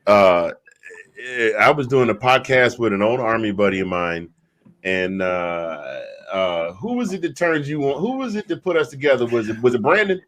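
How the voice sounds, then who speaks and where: A man's voice: medium pitch, sing-song, normal speed, a bit bright. A man co-hosting a podcast in casual chat, telling a rambling story with many restarts. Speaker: podcast co-host.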